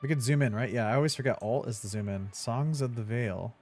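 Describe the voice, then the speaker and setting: A man's voice: mid-range voice, brisk, a little mellow, soft background music. A young man chatting casually while playing a video game, laughing easily and swearing now and then. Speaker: streamer. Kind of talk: casual let's-play commentary.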